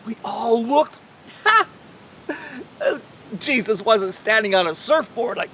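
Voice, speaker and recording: A woman with a high voice spins a first-person Bible story as though she had lived it. Her telling swings from quiet, drawn-out lines to sudden shouts. She sits back from the microphone, and a faint low rumble hums behind her. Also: recorded from a distance. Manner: expressive, swings from hushed to shouting.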